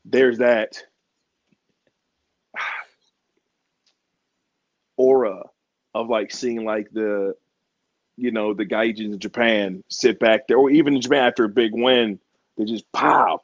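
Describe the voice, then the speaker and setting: A man's voice: lowish voice, measured pace, long pauses, dry recording. Laid-back slangy man, lo-fi sound. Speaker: wrestler guest. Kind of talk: casual interview chat.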